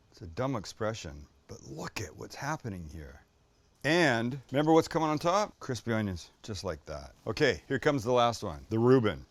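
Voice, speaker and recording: A middle-aged man hosting a casual cooking show, joking and talking straight to the viewer as he cooks and tastes. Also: medium pitch. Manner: enthusiastic, jokey, talks to the viewer.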